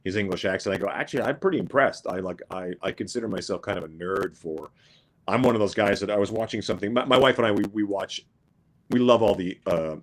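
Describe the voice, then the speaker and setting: Low-voiced rambling middle-aged man. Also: fast. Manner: rambling, frequent restarts and asides. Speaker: guest musician. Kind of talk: casual podcast chat.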